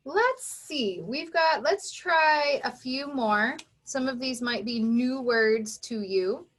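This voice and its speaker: A woman's voice: sits high, animated, slow, fairly bright tone. A woman teaching a children's phonics lesson, patiently sounding out words and spelling them letter by letter.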